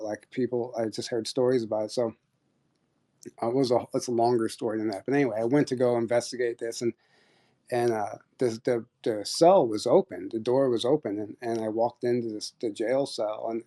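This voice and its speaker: A man with a warm, dark-toned voice at an ordinary middle pitch tells a long personal story. His talk is loose and rambling, packed with fillers and false starts, in a casual live-chat manner. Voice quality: rambling, many fillers and restarts. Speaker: podcast host sharing experiences.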